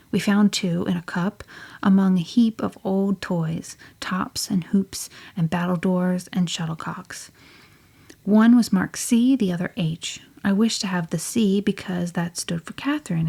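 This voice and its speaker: A woman voicing a spirited, headstrong teenage girl telling her story in an audiobook, often sinking to a breathy near-whisper. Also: on the low side, dark tone. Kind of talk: audiobook reading.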